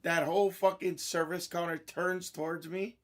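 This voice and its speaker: A man's voice: sits high, little pitch movement, moderate pace. Irritated man telling a casual story. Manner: irritated, blunt anecdote telling with frequent throat clearing. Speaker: box break host.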